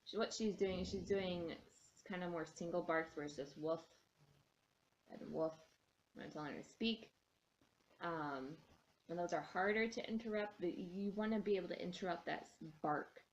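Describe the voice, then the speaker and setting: A woman's voice: fairly low pitch, moderate pace, muffled recording, a little hiss or hum. A woman dog trainer casually explaining a training method, chatty, with frequent ums and restarts.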